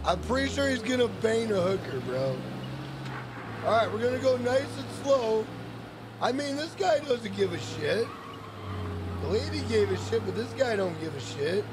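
A young male gaming streamer with a high-pitched voice gives casual let's play commentary at normal speed, profane, hot-tempered and rambling as he reacts to the game. Steady background noise runs under the recording.

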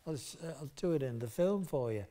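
A polite, apologetic actor who speaks quietly and carefully, with a mellow tone as an older man quotes him. He sounds gentle and a little sheepish. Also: fairly high pitch, animated, brisk, lightly acted. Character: polite actor, male, apologetic, softened accent.

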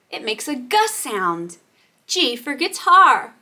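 A woman teaching letter sounds to toddlers, cooing and drawing out each sound. Her voice is high and bright, and her pitch rises and falls a lot. She speaks slowly and clearly, like a preschool teacher. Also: sing-song. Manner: sing-song, cooing, exaggerated letter sounds. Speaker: children's teacher and host. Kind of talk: toddler learning video.

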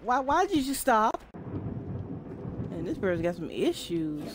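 A woman's voice: mid-range voice, very animated, takes it slowly, background noise. A woman streamer playing a horror game, jumpy and frightened, swearing and talking back to the game. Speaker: gaming streamer. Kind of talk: horror game let's play. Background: loud game music.

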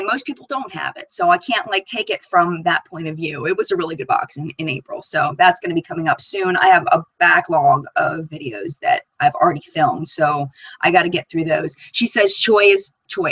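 A woman's voice: fairly low pitch, a little fast, fairly bright tone, husky, dry recording, poor audio. A woman hosting a live makeup chat stream, bubbly and chatty, reading viewer comments aloud. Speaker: beauty channel host.

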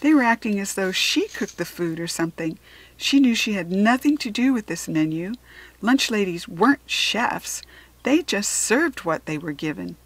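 Brief: woman, gentle storybook narrator, mid pitch, dry close-mic sound. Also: lively intonation, normal speed, no room sound. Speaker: children's book reader. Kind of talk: reading a children's chapter book aloud.

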